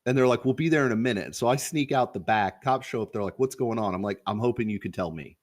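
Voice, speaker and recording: A man's voice: medium pitch, fast. A young man co-hosting a podcast, telling a story in a loose, profane, casual way and acting out the quoted lines. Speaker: podcast co-host.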